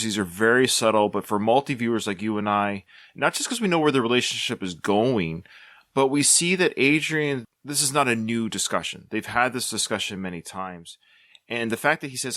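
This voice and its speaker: A man's voice: mid-range voice, brisk, no room sound, studio quality. A middle-aged man co-hosting a podcast, talking through a film in an earnest, musing way. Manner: earnest, musing, lively quotes of characters. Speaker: podcast co-host. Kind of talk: casual film discussion.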